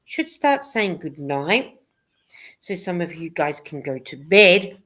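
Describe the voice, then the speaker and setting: A woman's voice: lowish voice, big pitch swings, takes it slowly, a bit bright. A woman hosting a casual livestream chat, rambling a little and reading viewer comments aloud. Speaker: host of a live chat stream.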